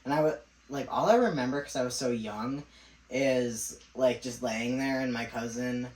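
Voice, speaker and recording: A man's voice: mid-range voice, moderate pace, a little mellow. A man co-hosting a podcast, telling a story in a rambling way with lots of laughs. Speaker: podcast co-host. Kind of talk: casual chat. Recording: echoey room, mic at a distance.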